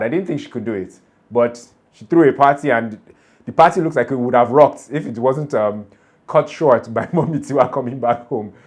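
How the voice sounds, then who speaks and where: A man talks in a casual, animated recap. His voice sits at a medium pitch, and he often chuckles as he shares his opinions. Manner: chatty, animated, laughs often while recapping. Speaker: TV show reaction vlogger. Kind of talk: casual episode recap and commentary.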